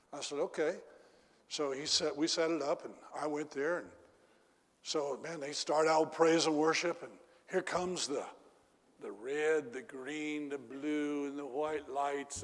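A middle-aged male preacher telling a story in a sermon, swinging from loud exclamations down to low confiding tones. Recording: echoey hall reverb.

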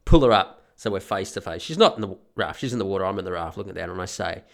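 A man's voice: sits low, lively intonation, fast, gravelly. A middle-aged man hosting a podcast, telling a rambling, profane story in a casual monologue while sick with a head cold. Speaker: podcast host.

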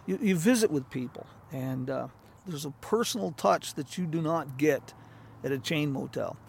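A man's voice: a little high, moderate pace, gravelly, slight background noise. A man speaking enthusiastically in a casual interview, often restarting his words.

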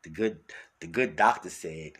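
A man with a New York accent hosting his own solo podcast, talking loud and hyped, then dropping to a mutter. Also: deep voice, unhurried. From New York City. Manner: loud, hyped, swings between shouting and mumbling. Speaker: podcast host.

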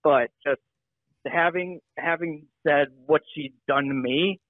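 A man calls in over a thin, phone-like line, his voice pitched a little high. He talks haltingly, stopping and restarting, and owns up with apologies. The sound stays very dry. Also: no echo. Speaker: show regular. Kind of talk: casual chat. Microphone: phone call.

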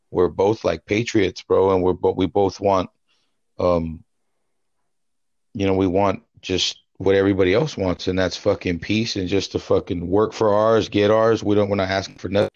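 A man's voice: sits low, level tone, moderate pace, darkish tone, no echo, muffled recording. A man telling a story in casual chat, rambling and full of slang and swearing. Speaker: podcast co-host.

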